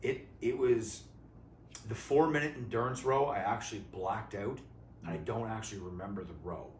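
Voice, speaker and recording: A man from Canada tells stories in an animated, laughing way. His voice sits a little back from the mic in an echoey room. Faint background noise runs under it. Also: on the low side, recorded from a distance. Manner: animated storyteller, quick to laugh. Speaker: co-host and athlete. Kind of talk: casual chat.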